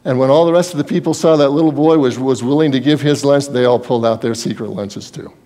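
A male preacher talks fast at medium pitch, pressing his sermon home with rhetorical questions aimed at the congregation. He moves back and forth between loud and hushed delivery.

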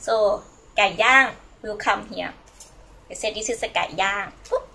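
A woman whose first language is Thai, teaching a language lesson and slowly repeating words for learners to copy. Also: medium pitch, fairly even intonation, creaky, pushed and bright, rough recording.

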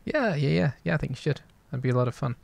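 A man's voice: a little high, lively intonation, fast, vocal fry, dry recording. A man co-hosting a casual talk show, rambling in an easygoing way. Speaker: podcast co-host. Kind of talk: casual chat.

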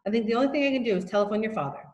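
A man's voice: high-pitched, very fast, roomy sound, pitched above the performer's own voice, close to an everyday voice. A woman voicing a stern, sarcastic male headmaster who scolds sharply, in a storybook reading.

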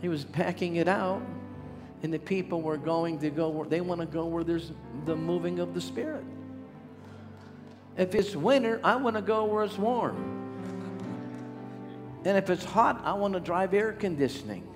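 A man's voice: high-pitched, expressive, normal speed, pauses often. An older man preaching a revival sermon as a healing evangelist, calling out to the crowd. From Pittsburgh area, USA. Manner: exhorting, calls out to the crowd. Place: large church sanctuary. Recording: reverberant hall with music.

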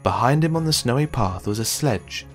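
A man reading a children's picture book aloud with gentle, expressive storytelling. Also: mid-range voice, normal speed. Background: faint background music.

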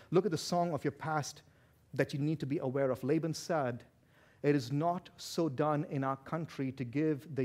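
A male pastor with a medium-pitched voice and a non-native English accent preaches loudly and passionately. He swings between shouts and hushed asides.

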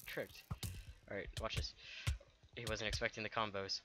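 A man hosting a gaming channel, giving let's play commentary with excitable, trash-talking banter aimed at his opponents. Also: fairly low pitch, moderate pace, loud music behind the voice.

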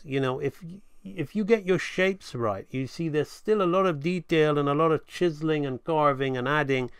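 Gravelly man teaching drawing. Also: mid-range voice, a bit bright, no echo, clean studio sound. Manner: rambling, thinks aloud, restarts often. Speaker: animation instructor. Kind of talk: live drawing tutorial. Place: home drawing setup.

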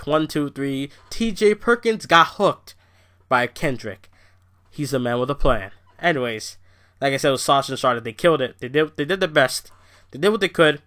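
A man's voice: mid-range voice, pushed and bright, smooth. A young man from Canada, ranting profanely and animatedly in a casual review video. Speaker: wrestling review vlogger.

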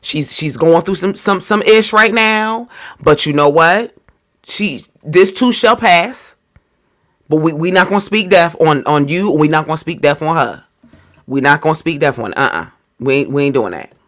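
A man hosting a casual reaction commentary, drawn-out and preachy as he calms things down. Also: on the high side. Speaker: commentary show host.

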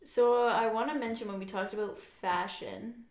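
A woman co-hosting a casual podcast, talking in a quick, chatty way with lots of "like" and frequent laughs. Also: a little high, fairly even intonation, echoey room. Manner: chatty, says "like" a lot, laughs often. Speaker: podcast co-host. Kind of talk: casual chat. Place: quiet room at home.

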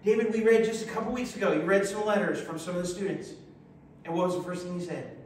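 High-voiced preacher in an echoey hall. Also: male voice, fast talker, distant mic. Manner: lively, exclamatory, joking with the congregation. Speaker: pastor. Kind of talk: sermon, reading scripture with congregation call-and-response. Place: church sanctuary. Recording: very echoey hall, voice from afar, faint hiss.

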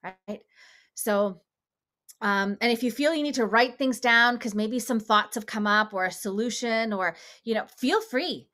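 A woman with a slightly higher voice guides a meditation session. She talks in a gentle, chatty way and laughs easily between her instructions. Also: unhurried. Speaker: meditation leader.

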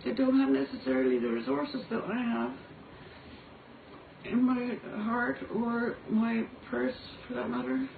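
A woman's voice: fairly high pitch, expressive, a little slow, vocal fry, far from the mic. An Irish woman pours out a raw, profane, pleading confessional monologue. Her voice comes from a little way off the mic, through tinny, phone-like audio. It bounces around an echoey room with a faint hiss underneath. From Ireland. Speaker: singer making a personal video. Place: motel room.

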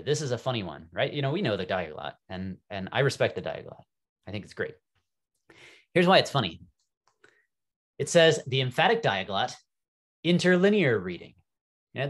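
Animated man teaching a Bible class. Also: fairly high pitch. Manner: animated, wry, thinking aloud. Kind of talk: classroom lecture.

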